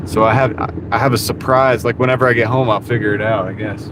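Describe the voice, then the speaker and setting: A man with a light Southern accent chats loosely while he drives, drifting from thought to thought and poking fun at himself. His voice sits at an ordinary middle pitch. Steady car and road noise hums under everything he says. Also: fast. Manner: rambling, easygoing, self-deprecating, talks to chat. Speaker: gig delivery driver streaming live. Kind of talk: casual live-stream chat while driving. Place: inside a car at night. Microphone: wireless clip-on mic.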